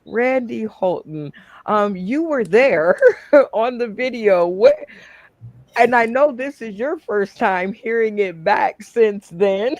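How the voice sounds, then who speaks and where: A man hosting a comedy game show, friendly and unhurried like an emcee. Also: high voice, lively intonation, no room sound, muffled recording.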